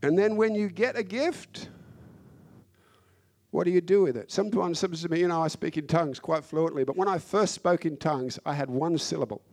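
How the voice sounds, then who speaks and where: A man delivers a sermon in a fairly high voice, fervent and insistent. He hammers points home by repeating phrases and stretching out key words. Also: normal speed, darkish tone. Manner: impassioned, repeats phrases for emphasis. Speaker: preacher.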